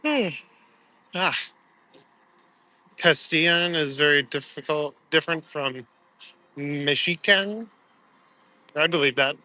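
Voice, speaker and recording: A man's voice: a little high, slow, pauses often, pushed and bright, dry recording. A young man, chatting casually and joking with viewers during a live stream while out walking. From Canada. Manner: laid-back, joking, laughs often. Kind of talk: casual chat reading viewer comments. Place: walking outdoors.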